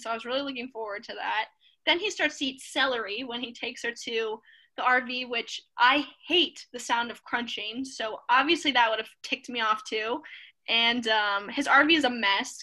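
A woman co-hosting a podcast, recapping a TV show in an opinionated, animated casual chat. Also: on the high side, normal speed, poor audio. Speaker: podcast co-host.

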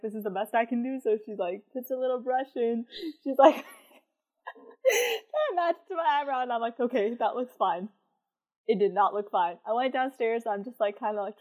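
A woman's voice: a little high, lo-fi sound. A young woman telling a personal story in casual chat, with lots of fillers and frequent laughter.

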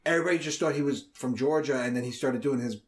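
A man from the New York area hosting a casual podcast chat, telling stories in an animated, profane way. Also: mid-range voice, fast talker. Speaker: podcast host.

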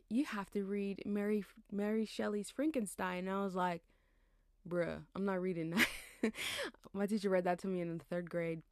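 A woman's voice: mid-range voice, darkish tone, smooth, no echo, clean studio sound. A young woman in her twenties rambling casually and tiredly about her life, chatty and slangy, laughing as she digresses. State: tired, yawning. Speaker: podcast host.

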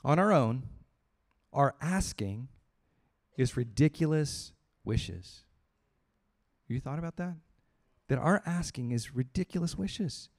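A man preaching a sermon as pastor, telling a story with lively acted-out voices and dropping to quiet emphasis on key points. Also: takes it slowly. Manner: storytelling, acts out quoted voices with rising pitch.

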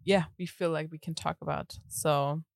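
A woman co-hosting a podcast in an excited, chatty way with a lot of laughing, recorded on a bed in a caravan. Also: low-pitched, moderate pace, vocal fry, no room sound, clean studio sound. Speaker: podcast co-host. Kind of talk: casual chat.

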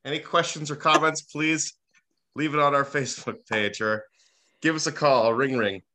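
Guy hosting a podcast with his mom, bright sharp voice, stumbles and restarts a lot. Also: on the high side, steady tone, slight background noise. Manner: halting, repeats himself, tries to steer the talk. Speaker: host, son. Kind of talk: casual family podcast chat.

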